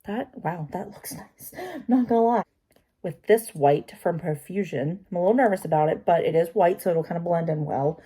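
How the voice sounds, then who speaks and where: A woman's voice: lowish voice, a little fast, dark tone, breathy edge. A woman vlogging as she does her makeup, chatty and talking to herself with self-deprecating asides. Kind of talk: casual talk while doing makeup.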